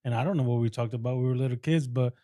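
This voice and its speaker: A young adult man hosting an interview, speaking casually with short affirmations and a relaxed "bro". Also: medium pitch, racing, no echo. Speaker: podcast host.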